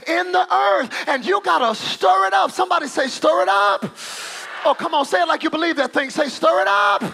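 A man as guest preacher, giving a fervent, animated sermon in church with storytelling and shouted peaks. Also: very high-pitched, brisk, gravelly, a little hiss or hum. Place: church service.

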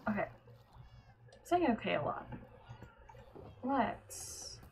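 A woman's voice: a little high, takes it slowly, slight background noise. A woman streamer casually talking to herself while playing, muttering, trailing off and often half-whispering. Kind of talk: casual gameplay commentary.

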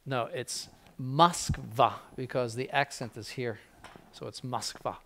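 A man's voice: mid-range voice, slow pace, sharp tone, a little hiss or hum. An older man, a bishop, giving an informal spiritual conference in a blunt, conversational way with frequent asides.

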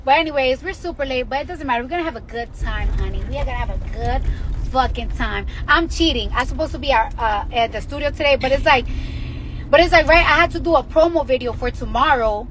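A woman livestreaming from inside a moving car, talking brashly and excitably, swearing and repeating herself. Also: high voice, quick pace, a little hiss or hum. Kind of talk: casual livestream chat.

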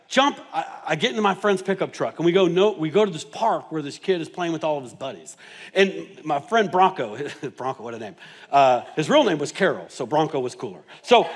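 A male pastor delivering a sermon in a church, his voice sitting noticeably high for a man. He drops to near-hushed phrases, then builds to loud, emphatic declarations. He leans on storytelling and self-deprecating humor. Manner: dynamic preaching, swings from hushed to loud and emphatic; humorous, self-mocking asides. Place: church sanctuary.

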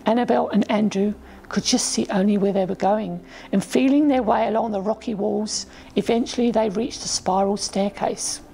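A woman reading her own children's story aloud as a storyteller, gently voicing the children's lines. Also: mid-range voice, normal speed, creaky, slight background noise. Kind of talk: storybook narration.

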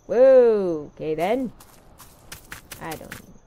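A woman's voice: on the low side, big pitch swings, a little slow, heavy background noise. A young woman commentating a horror game as she plays, sweary, sarcastic and jumpy. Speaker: let's play gamer.

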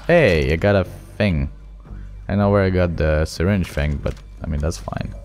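A young man giving excitable, profane let's play commentary, taunting enemies as he plays. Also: low voice, moderate pace. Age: young adult. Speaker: gaming channel host. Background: game music.

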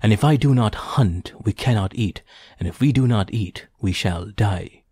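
A man's voice: lowish voice, normal speed, mellow, breathy edge, no room sound. A man doing a humble pleading poacher.

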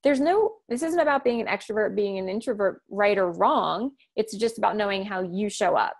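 Woman, thirties, communication coach, loud, fast-talking, assertive, direct, podcast interview, steady middle pitch. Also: vocal fry. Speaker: guest, communication coach and author.

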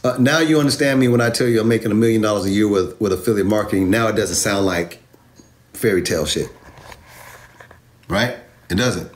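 A man's voice: fairly low pitch, a little fast, long pauses. A man teaching online marketing in a casual livestream, brash and profane, talking to his viewers with swagger. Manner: addresses viewers as y'all.

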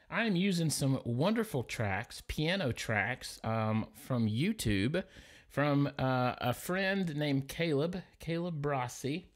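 A man from Louisiana with a Southern accent, chatting casually on a livestream and reading viewer comments aloud. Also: a little high. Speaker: livestream gospel singer.

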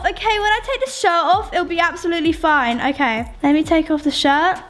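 A woman chatting excitedly through a gameplay video, playful and quick to exclaim. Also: extremely high pitch, faint music behind. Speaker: gaming YouTuber. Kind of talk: Roblox gameplay commentary.

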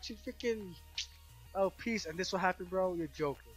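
A young man with a high, wildly swooping voice rants and yells over his gaming session in casual slang. Faint game music plays under his commentary. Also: expressive, normal speed, husky. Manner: exasperated, loud outbursts, slangy. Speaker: let's play host.

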